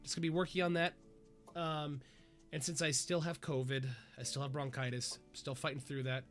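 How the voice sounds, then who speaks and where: A man's voice: a little high, level tone, normal speed, a bit bright, faint music behind. A man hosting a VTuber talk show in casual, rambling livestream chat, his voice congested with a stuffy nose. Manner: rambling, chatty.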